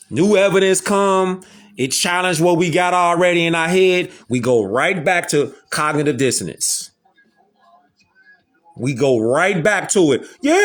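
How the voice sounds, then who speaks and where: A man hosting a talk show, lecturing viewers in an emphatic, repetitive way. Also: fairly high pitch. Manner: emphatic, repeats phrases, addresses listeners as fam.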